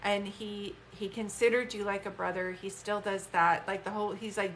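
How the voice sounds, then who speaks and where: Fifties woman, medium on a live stream, casual and earnest, mid-pitched. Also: steady tone, normal speed, few pauses, slight background noise. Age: 50s. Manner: chatty, heartfelt, many fillers. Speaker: psychic medium.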